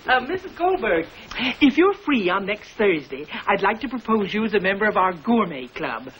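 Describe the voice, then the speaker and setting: A woman's voice: medium pitch, sing-song, moderate pace, slight background noise, lightly acted, poor audio. An actress playing an enthusiastic suburban neighbor lady who gushes over food and stumbles over words, in 1950s sitcom style. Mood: hesitant. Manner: gushing, hesitant with filler sounds.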